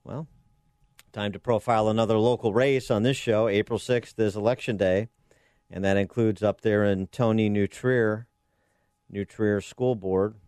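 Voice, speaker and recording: A man's voice: on the low side, steady tone, normal speed, darkish tone, clean tone, no room sound, clean studio sound. A man hosting a talk radio show, delivering opinionated commentary and firing off repeated rhetorical questions.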